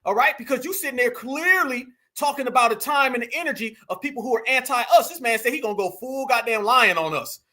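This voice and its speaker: A man hosting reaction commentary, animated and mocking, repeating his points. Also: extremely high pitch, quick pace, hardly any pauses. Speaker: commentary host.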